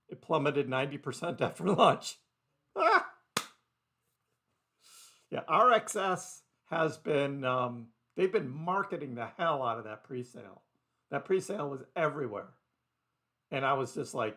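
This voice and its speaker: A man's voice: a little high, animated, measured pace, long pauses, a bit bright. A man hosting a casual live crypto stream into a desk microphone, rambling chattily, laughing often and talking to his chat viewers by name. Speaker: crypto livestream host. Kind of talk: casual live market commentary.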